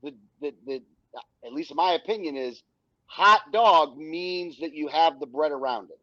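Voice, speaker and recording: A man's voice: on the high side, unhurried, no room sound, highs cut off. A male co-host chatting casually, often restarting and repeating words. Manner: hesitant, repeats words while agreeing. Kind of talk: casual chat.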